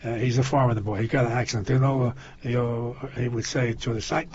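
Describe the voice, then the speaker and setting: An older man in casual chat, a rambling storyteller who restarts his sentences often, husky in a lo-fi muffled recording. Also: mid-range voice, level tone, fast talker, hardly any pauses, a little mellow. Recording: lo-fi muffled audio.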